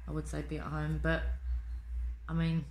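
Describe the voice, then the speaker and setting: Low, gravelly woman vlogging. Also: completely flat delivery, moderate pace, darkish tone. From England. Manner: sweary, chatty, rhetorical tags. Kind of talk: casual video diary. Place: home in the city.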